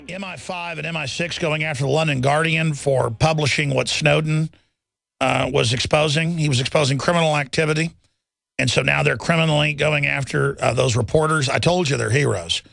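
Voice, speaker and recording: A man's voice: fairly high pitch, fairly even intonation, brisk, gravelly, a bit bright, dry recording, soft background music. A man hosting a radio talk show in a studio, delivering a rambling, combative monologue and mocking his critics in put-on voices. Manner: combative, mocking, swerves into sneering impressions of critics.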